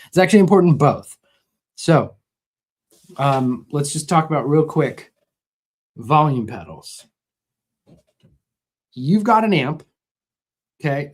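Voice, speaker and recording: A middle-aged man hosting a casual guitar livestream, reading viewer comments and explaining gear in a relaxed, roundabout way. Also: mid-range voice. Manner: relaxed and explanatory, with many restarts. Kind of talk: casual live chat answering viewer comments.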